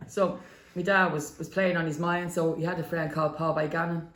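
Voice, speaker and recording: A woman's voice: deep voice, moderate pace. A middle-aged woman from inner city Dublin with a Dublin accent, telling family stories as a podcast guest. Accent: Dublin Irish. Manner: lively storyteller, acts out quotes. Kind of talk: storytelling in a podcast interview. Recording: roomy room echo.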